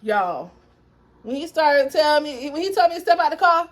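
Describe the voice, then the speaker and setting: A young adult woman telling a dramatic personal story to her viewers in a lively, animated way. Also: high-pitched, moderate pace. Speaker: vlogger. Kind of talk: storytime vlog.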